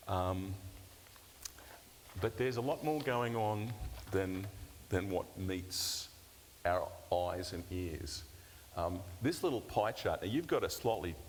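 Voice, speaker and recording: An older man, a pastor teaching a seminar session in a conversational, self-deprecating way with light humour. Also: on the low side. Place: church hall. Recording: long church-hall reverb, faint hiss.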